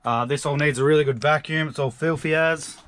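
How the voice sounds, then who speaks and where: A man, chatting casually as he works on a car in a garage, slangy and excitable. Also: fairly high pitch, brisk. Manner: excitable, slangy, talks to his dog. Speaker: car restoration vlogger.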